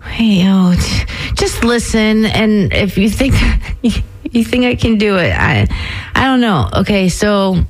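A woman's voice: mid-range voice, animated, measured pace, low-quality recording. A woman radio DJ chatting casually on air, giggly and self-deprecating.

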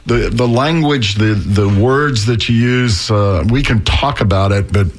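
A man's voice: on the low side, measured pace. A man hosting a casual interview, stammering and repeating words as he asks questions. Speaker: host.

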